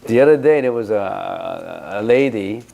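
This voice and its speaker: A man's voice: on the low side, measured pace, creaky, warm tone. Emphatic man giving a dharma talk. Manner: emphatic, with rhetorical questions. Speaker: Buddhist teacher. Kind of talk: dharma talk answering questions.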